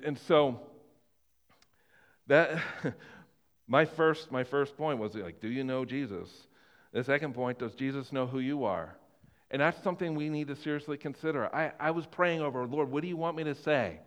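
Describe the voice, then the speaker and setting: A man's voice: medium pitch, smooth, big-room sound. A man preaching a sermon as pastor, earnest and often repeating himself as he restarts his sentences.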